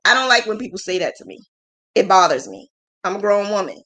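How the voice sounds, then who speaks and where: Her medium-pitched voice swings widely in pitch, comes fast, and sounds a little bright as this thirties woman hosts a livestream. The casual chat rambles frankly, with frequent laughs and self-mockery that make her manner candid and self-deprecating.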